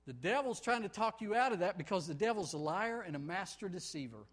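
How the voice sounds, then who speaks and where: A man preaching a sermon with great passion, building to shouts and then dropping to quiet, pleading prayer. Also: high voice, lively intonation, fairly quick. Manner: impassioned, swings from shouting to hushed pleading.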